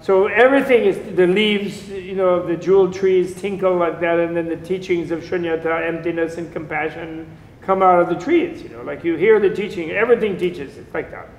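A man's voice: high-pitched, normal speed, a little hiss or hum. A man teaching a class on Buddhism in a casual, digressive lecture, joking and chuckling as he goes. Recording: echoey lecture room.

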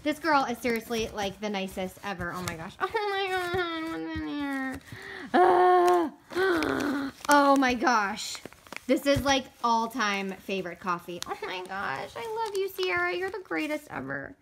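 A young woman in her twenties vlogging casually at home, gushing and gasping with excitement as she unboxes a gift. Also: high voice, measured pace, gravelly, a little hiss or hum. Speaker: fitness vlogger. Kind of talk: casual vlog.

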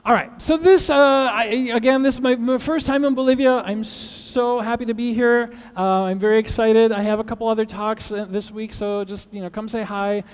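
High-voiced man joking in a hall. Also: fairly even intonation, moderate pace, hardly any pauses, clean tone. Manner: playful, asks the audience questions. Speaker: conference speaker. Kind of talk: joke-telling talk to an audience. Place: large conference hall. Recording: long reverb of a large hall.

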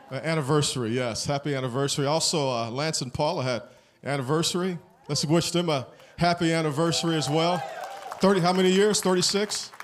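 A man preaching a sermon as pastor, talking plainly and asking the congregation questions. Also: medium pitch. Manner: conversational, asks the congregation questions.

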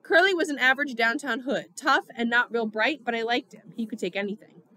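A woman narrating a novel in the first person with steady storytelling. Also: fairly high pitch, a little fast, dry recording. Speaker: audiobook reader.

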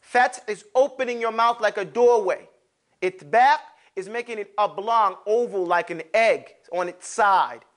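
A man who teaches Arabic pronunciation addresses his students at a measured pace in a high, bright voice during a lesson on pronouncing letters. Animated throughout, he overemphasizes every sound and shapes his mouth exaggeratedly so the class can repeat it.

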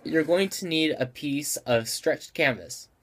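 A man's voice: fairly high pitch, unhurried. A man hosting a craft tutorial, talking through the steps in a casual, friendly way while he has the hiccups and stops to apologize for them. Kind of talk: casual how-to explanation.

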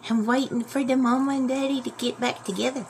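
A woman voicing her affectionate pet dog in a high, sing-song baby-talk voice. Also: fairly even intonation, fast talker, gravelly, darkish tone, a little hiss or hum. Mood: sweet.

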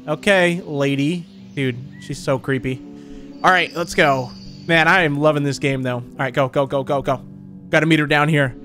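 Excitable young man gaming. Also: a little high. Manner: excitable, says dude a lot, talks to viewers. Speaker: gaming channel host. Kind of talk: horror game let's play commentary.

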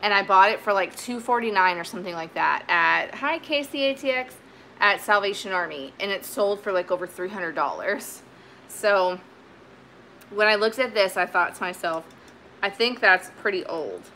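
A woman's voice: mid-range voice, normal speed, sharp tone, a little hiss or hum. A woman chatting casually as she shows off her vintage finds, rambling with plenty of fillers and restarts. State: sweaty, warm. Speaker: vintage reseller. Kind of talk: casual haul video chat.

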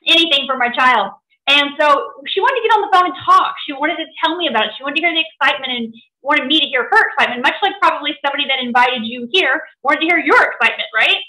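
A middle-aged woman telling a personal story to an audience in an animated way, often laughing. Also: sits high, fast talker, few pauses, roomy sound, poor audio. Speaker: presenter.

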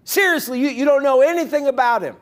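Once-blind man, snarky and bold, high pushy voice done by a pastor. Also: fast talker. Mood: incredulous. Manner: bold, incredulous, rising emphasis. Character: sarcastic plain-spoken formerly blind man.

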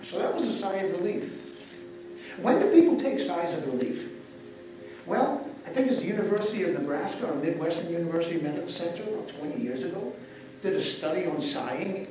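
A man teaching breathwork to a live audience, moving between calm guided instructions and playful, jokey asides. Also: on the high side. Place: live festival session. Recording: echoey, distant room recording with noise.

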